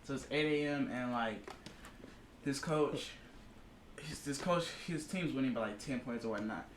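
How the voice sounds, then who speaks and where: A man co-hosts a sports podcast in a relaxed, easygoing voice at a middle pitch. He tells stories loosely, with lots of casual slang. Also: normal speed, reverberant, a little hiss or hum. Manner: laid-back, says "bro" often. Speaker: podcast co-host.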